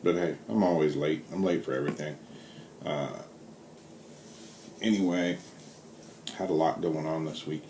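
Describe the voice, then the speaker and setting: A very low, mellow male voice with a Southern US drawl, unhurried and rambling with plenty of ums and uhs. He sounds middle-aged and speaks casually to his viewers. The room is echoey, with a faint hiss behind him. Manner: laid-back, rambling, full of fillers. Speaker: vlogger. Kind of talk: casual storytelling vlog. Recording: roomy with faint background hiss.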